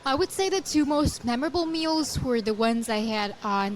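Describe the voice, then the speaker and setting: A woman's voice: a little high, steady tone, normal speed, hardly any pauses. A young woman from Taiwan, speaking English with an American accent and Mandarin as her first language, answering interview questions in an earnest, careful way. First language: Mandarin Chinese. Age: young adult. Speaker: guest author.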